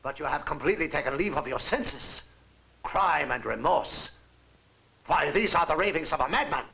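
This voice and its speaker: An actor in a dubbed film playing a stern older professor who speaks formally and dismisses others in clipped tones. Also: male voice, on the high side, animated, moderate pace, vocal fry, bright, forceful tone, heavily acted, rough recording. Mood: indignant. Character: stern older male professor, cold and commanding. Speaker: professor and father.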